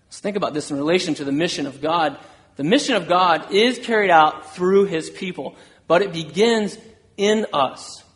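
A man's voice: on the high side, moderate pace, fairly bright tone. A man preaching a sermon, earnest, voicing an apostle's words with rising intensity. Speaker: pastor.

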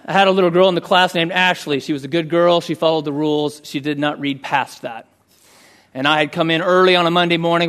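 A man's voice: on the high side, fairly bright tone. A man preaching a sermon, telling a story in an earnest way and reading a passage aloud. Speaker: pastor.

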